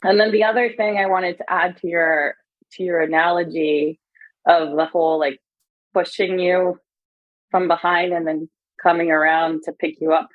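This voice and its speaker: A woman with a lowish voice tells her story candidly and animatedly, full of fillers and acted-out quotes. Her voice comes through a narrow, tinny phone-like line. The sound is dry and close. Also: steady tone, moderate pace, dry recording. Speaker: guest. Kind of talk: conversational interview.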